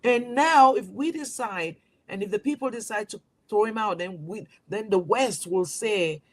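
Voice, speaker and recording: A woman's voice: a little high, lively intonation, measured pace. A woman from Cameroon, a magazine publisher, speaking as an interview guest with emphatic rhetorical questions and frequent restarts. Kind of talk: impassioned interview talk.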